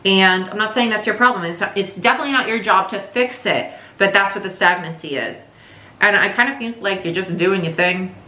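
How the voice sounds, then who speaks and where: A woman's voice: mid-range voice, fairly quick, pushed and bright, reverberant. A woman giving a casual, chatty tarot reading, speaking candidly and swearing now and then. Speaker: tarot reader.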